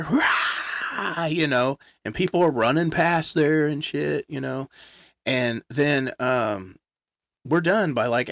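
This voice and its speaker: A man telling a long story in casual chat, loud and animated, belting out quoted songs. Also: mid-range voice, no room sound.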